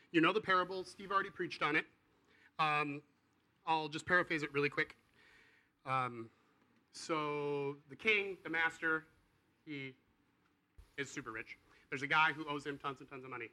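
Bright-voiced male preacher, casual and animated. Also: a little high, moderate pace, pauses often, low-quality recording. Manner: casual, conversational preaching with acted-out dialogue; animated, swings between quiet and loud. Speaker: pastor. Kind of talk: sermon.

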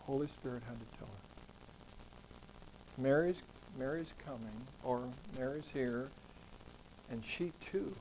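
Against background noise, a man with a medium-pitched voice teaches scripture to a Bible study group, unhurried and with long pauses. His style is conversational: he asks the group questions and doubles up words to stress a point.

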